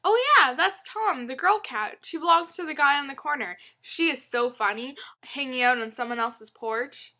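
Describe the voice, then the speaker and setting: A woman's voice: high-pitched, moderate pace, hardly any pauses, bright, forceful tone. A woman reading aloud and putting on a chatty, amused neighbor who chuckles as she talks. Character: chatty gossipy female neighbor.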